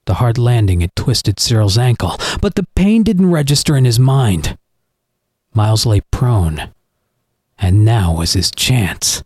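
A man reading a horror story aloud in an expressive, dramatic narrating style. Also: medium pitch, breathy edge, dry recording. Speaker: audiobook narrator.

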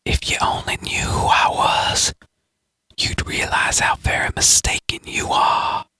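A man's voice: measured pace, pushed and bright, no echo. A man voicing a sinister tall stranger who whispers menacing taunts in a storybook reading.

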